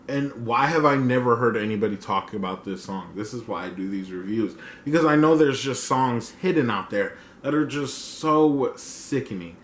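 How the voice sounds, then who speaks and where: A man in his twenties reviewing an album in a casual reaction, gushing and full of fillers, swinging between loud and soft. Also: medium pitch. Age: 20s. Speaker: music reviewer. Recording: echoey room with faint noise.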